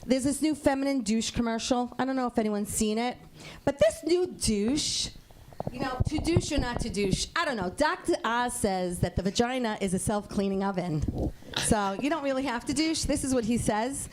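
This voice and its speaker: A female stand-up comic, brash and self-mocking. Her voice is high and swoops around a lot as she chats through her set. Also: animated, normal speed, background noise. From Sicilian family.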